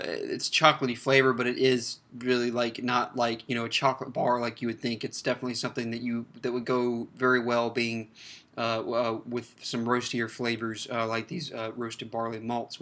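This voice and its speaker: Bright-voiced man reviewing a beer. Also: medium pitch. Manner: rambling, many fillers and restarts. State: slightly choked up, clears throat. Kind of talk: casual beer review vlog.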